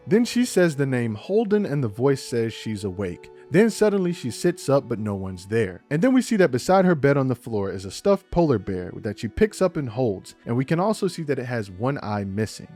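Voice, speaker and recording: A young man talks through a TV episode recap in a loose, joking way and swears now and then. His pitch sits in the middle of the range but rises and falls a lot. Faint music plays underneath. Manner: lively, casual and joking, swears freely. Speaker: TV recap reviewer.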